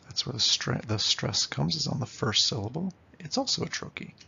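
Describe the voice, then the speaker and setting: A man's voice: medium pitch, lively intonation, normal speed, creaky, sharp tone, slightly rough, dull audio. A man teaching literature in a lecture, explaining and tapping out rhythms aloud, often checking in with "okay?". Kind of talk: classroom lecture.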